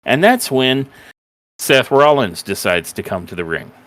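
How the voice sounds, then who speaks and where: A man hosting a wrestling podcast, telling the events of a show like an animated storyteller and acting out the quotes. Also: mid-range voice, unhurried, no echo. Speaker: podcast host.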